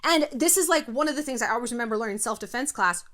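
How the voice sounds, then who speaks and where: Brash, animated woman host. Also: on the high side, rapid-fire. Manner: brash, animated and sassy, with swearing and acted-out quotes. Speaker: YouTube host. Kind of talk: casual commentary to camera.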